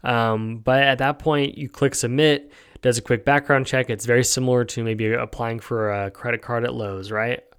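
With fairly even intonation and a moderate pace, this smooth, medium-pitched American voice belongs to a podcast host. He drifts through his opinions in a casual monologue, filling gaps with fillers and asking "right?".

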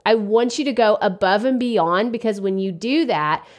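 A woman's voice: mid-range voice, moderate pace. Chatty woman podcast host. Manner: chatty, self-correcting, acts out quoted questions. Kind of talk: casual podcast advice.

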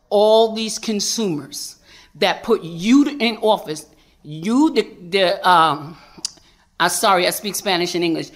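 A woman street preacher gives fiery testimony at a public hearing. She is angry and preaches at her listeners, hammering the same promises over and over. Her pitch sits at a middle level for a woman. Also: fairly bright tone.

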